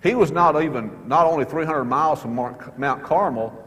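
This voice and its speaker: A man preaching a sermon in church, earnest, repeating his key questions and slowing down to stress words. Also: a little high, fairly bright tone, big-room sound. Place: church sanctuary.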